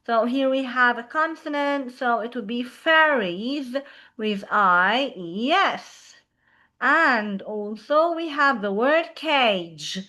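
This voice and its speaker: A woman's voice: fairly high pitch, bright, forceful tone. A woman teaching a beginner grammar lesson, explaining patiently and often saying "yeah". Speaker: English teacher.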